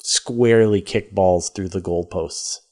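A man with a fairly low voice chats casually as a podcast co-host. He talks in an animated, quick way, with his pitch jumping up when he gets excited. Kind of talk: casual chat and sponsor read-out.

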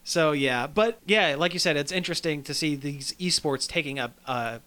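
A slightly higher-pitched man talking casually on a podcast. He tells stories in loose, rambling bits, with plenty of "like" and "uh" along the way. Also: normal speed, sharp tone, clean tone. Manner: rambling, filler-heavy storytelling. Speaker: podcast co-host. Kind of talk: casual chat.

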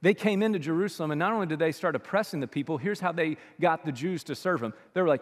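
A male pastor preaching a sermon in a church, talking in an animated, conversational way that swings between loud bursts and quiet asides. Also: a little high, fast talker, hardly any pauses, big-room sound. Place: church sanctuary.

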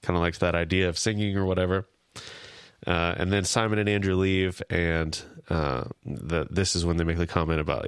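A man's voice: low voice, smooth, dry recording, studio quality. A man co-hosting a podcast, casually retelling episode scenes and acting out characters' lines. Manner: retells scenes, acts out lines with quick quips. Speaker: podcast co-host. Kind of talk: casual podcast recap chat.

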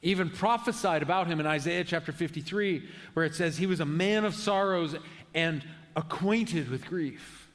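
A man preaching a conversational sermon as pastor, earnest and halting, often restarting his sentences. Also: on the high side, fairly bright tone. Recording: long hall reverb.

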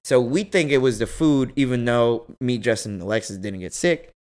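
A young man telling a story in casual, slangy podcast chat, animated and jumping high in pitch when he quotes others. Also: normal speed, clean tone.

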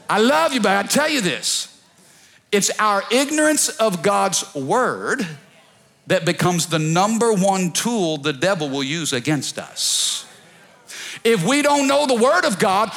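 A man pastor preaching a sermon to his church, calling on the congregation to repeat after him and swinging between soft pleading and loud shouts. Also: sits high. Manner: preaching with call-and-response, rising to shouts. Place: church service.

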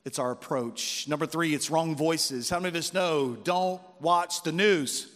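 A man's voice: on the high side, a little slow, a bit bright. A man preaching a sermon as pastor, telling folksy stories and calling out to the congregation. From West Virginia roots, United States. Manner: folksy storytelling with call-outs to the congregation. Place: church hall. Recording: long reverb of a large hall.

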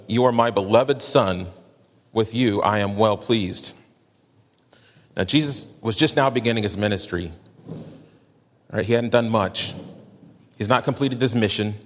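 A man preaching a sermon in a measured way, slowing down to stress questions and quotes. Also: on the low side. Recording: long hall reverb.

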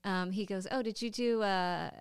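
A woman co-hosting a podcast in casual chat, expressive and quick to exclaim. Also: medium pitch, clear, resonant tone, no room sound. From Florida. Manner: expressive, exclaiming, rising to indignation. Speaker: podcast co-host.

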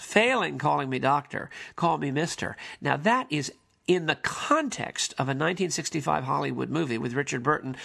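A man's voice: on the high side, creaky, pushed and bright. A man giving casual commentary on an old film, conversational and digressive with emphatic asides.

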